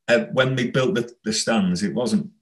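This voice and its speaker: A man, a former footballer, telling stories in a relaxed, rambling interview. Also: lowish voice, moderate pace, poor audio. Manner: rambling, anecdotal, laughs while telling. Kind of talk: casual storytelling interview.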